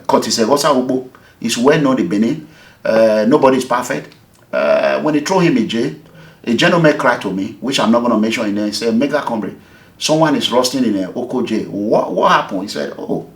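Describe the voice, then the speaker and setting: A Nigerian man with a lively, swooping voice tells his story in an interview, acting out the back-and-forth of each exchange. The voice carries a noticeable room echo. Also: medium pitch. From Nigeria, Edo State. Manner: animated, emphatic, acts out the dialogue. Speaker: activist, movement leader. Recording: echoey room.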